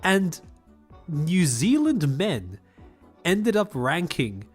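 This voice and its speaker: A young man from Australia with a polished Australian accent, chatting casually on a livestream. He rambles, laughs often, repeats words as he starts sentences, and enunciates crisply. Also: a little high, very animated, very slow, faint music behind. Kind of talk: casual livestream chat, reading chat.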